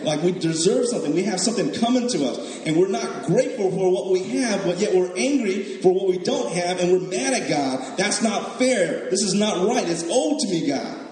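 A man's voice: sits high, warm tone. Man preaching in an echoey hall. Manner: conversational and joking, tags lines with "right?". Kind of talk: sermon. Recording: echoey hall with long reverb.

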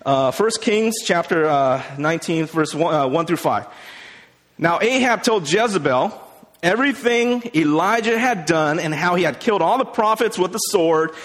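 A man's voice: a little high, animated, normal speed, a bit bright. A man preaching a sermon as a pastor, retelling a Bible story in a casual way with many fillers. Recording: long hall reverb.

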